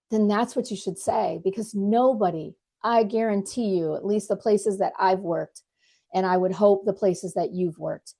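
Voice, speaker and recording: Earnest woman podcast host, mellow voice. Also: mid-range voice. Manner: earnest, direct, repeats words while thinking. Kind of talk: casual coaching monologue.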